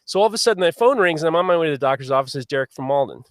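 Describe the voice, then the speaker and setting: A man hosting a live podcast, telling a long story in a lively, swearing manner. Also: fairly high pitch, rapid-fire, no room sound, clean studio sound. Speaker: podcast host.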